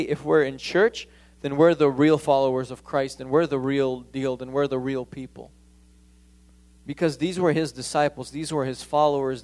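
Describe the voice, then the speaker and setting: A man's voice: mid-range voice, darkish tone. A man preaching a sermon in a church, emphatic, often stumbling and restarting his phrases. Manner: emphatic, with frequent stammered restarts.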